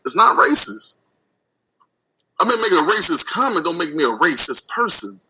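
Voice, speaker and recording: Radio host, male, very bright tone, animated repetitive debate style. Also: on the high side, breathy edge, rough recording. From United States. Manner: animated, repeats words, acts out quick dialogues. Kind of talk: casual debate chat.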